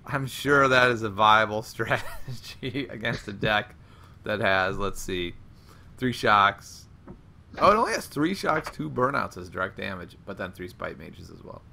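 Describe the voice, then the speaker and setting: A man's voice: lowish voice, animated, a little slow, gravelly, pushed and bright, slight background noise. A man casting a live card game match, chatty and analytical, laughing often. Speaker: game commentator. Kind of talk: live esports commentary.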